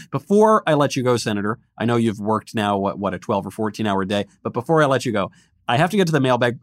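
A man's voice: mid-range voice, dry recording, studio quality. A man hosting a political podcast interview, chatty and joking, with some hesitant fillers. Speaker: podcast host. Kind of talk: hosted interview.

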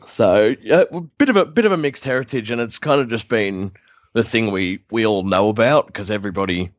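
An Australian man guesting on a podcast, talking in an easygoing, plain-spoken way. His voice sits fairly low. The sound is dry and dull, like a lo-fi remote recording. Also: fairly quick, dry recording. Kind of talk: casual podcast chat.

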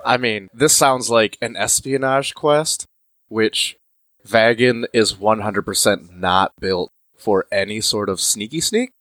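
A man's voice: fairly low pitch, takes it slowly, a bit bright, no echo. A man playing a tabletop game, wry and questioning. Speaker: player. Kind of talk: casual tabletop play.

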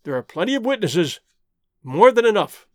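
A man doing a domineering suitor in an old adventure tale, rough and curt, pushing his words out with force. The voice sits high with lively swings. The sound is dry and close. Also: a little fast, dry recording. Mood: angry.

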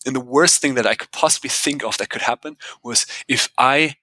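Bright-voiced man telling lively stories. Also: mid-range voice, fairly quick, dry recording, poor audio. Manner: animated storyteller who acts out dialogue and laughs often. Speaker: podcast guest, author. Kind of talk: conversational interview.

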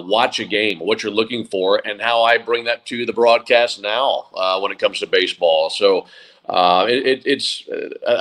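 A sports broadcaster in his forties, talking as a guest in an interview, reflective and often pausing to restart his sentences. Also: lowish voice, a bit bright, poor audio. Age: 40s. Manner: reflective, with frequent restarts and fillers. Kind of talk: interview conversation.

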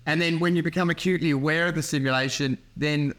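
A man talks in a casual podcast chat, running on with loose, rambling thoughts. He laughs a lot and swears freely as he goes. His voice sits high for a man. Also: fairly even intonation, fast, a bit bright. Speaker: comedian and podcast host.

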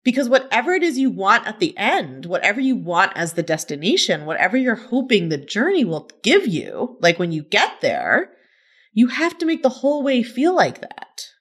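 A woman coach talking casually on her own, chatty and animated, often checking in with "right?" and laughing as she explains. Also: on the high side, normal speed, breathy edge. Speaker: coach and teacher. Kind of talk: casual solo podcast talk.

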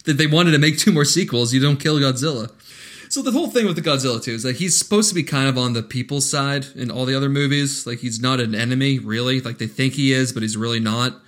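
A man's voice: mid-range voice, fast, fairly bright tone. A man co-hosting a casual podcast, recapping a movie plot with profane, ranting commentary. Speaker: podcast co-host reviewing a movie. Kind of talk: casual movie-riff chat.

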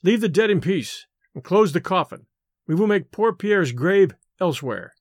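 A man's voice: high-pitched, animated, moderate pace, dry recording, studio quality. A man reading as a solemn old village priest. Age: older. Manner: grave, commanding.

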